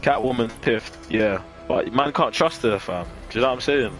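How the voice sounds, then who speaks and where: A man's voice: medium pitch, animated, normal speed, fairly bright tone, faint music behind. A man, chatting casually with his chat while playing a game live. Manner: laid-back, slangy banter with chat. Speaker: live-streaming gamer. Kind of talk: casual live-stream commentary.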